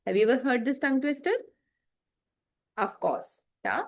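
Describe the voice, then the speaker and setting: A woman's voice: fairly high pitch, moderate pace, gravelly. A woman teaching public speaking to children in an online class, encouraging and chatty, with many fillers and tongue twisters said aloud.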